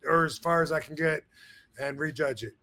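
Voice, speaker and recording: A man's voice: fairly high pitch, moderate pace, pushed and bright. A man hosting a podcast in casual chat, rambling with many fillers and restarts. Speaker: podcast host.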